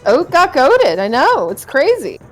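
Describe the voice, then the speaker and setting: A woman's voice: high-pitched, huge pitch swings, measured pace, faint music behind. A woman co-hosting a gaming podcast, playful and swearing as she interjects. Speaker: podcast co-host. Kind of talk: casual chat.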